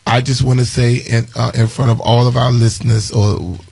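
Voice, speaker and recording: A man's voice: mid-range voice, little pitch movement, normal speed, creaky, darkish tone, breathy edge. A man hosting a morning radio call-in show, effusive and full of thanks, repeating names as he talks. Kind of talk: casual call-in radio chat.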